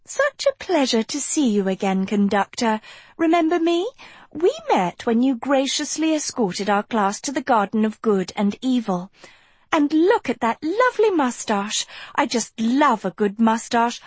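A dramatic teenage girl with a high, swooping voice that leaps up and down, as a woman puts her on. She gushes and flatters theatrically, and the recording is close and completely dry. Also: slow pace, dry recording, heavily acted. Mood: gushing.

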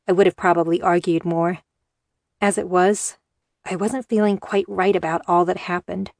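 A woman reads first-person fiction aloud in a measured, steady way. Her voice sits on the lower side, and the recording is close and dry, with no room echo. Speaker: audiobook narrator. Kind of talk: scripted first-person narration.

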